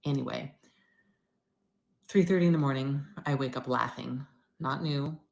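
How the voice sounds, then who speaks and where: A middle-aged woman talking candidly in a personal video diary, rambling and moving between loud bursts and near-whispers. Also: rumbling low, normal speed, creaky. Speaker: vlogger.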